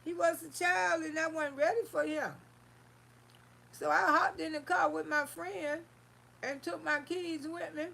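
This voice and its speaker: A woman hosting a live stream, telling a personal story in an animated, casual way and calling listeners honey. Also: high-pitched, a little slow, vocal fry.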